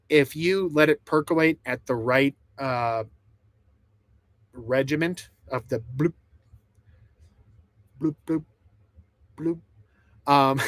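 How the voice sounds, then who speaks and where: A man's voice: fairly high pitch, fairly bright tone, no echo. A man rambling and laughing through a casual live stream from inside a truck camper, reading chat comments aloud. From United States.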